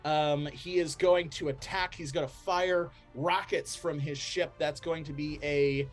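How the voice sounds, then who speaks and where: A man narrating a tabletop game as game master, relaxed, with frequent ums and laughs. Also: fairly high pitch, unhurried, soft background music.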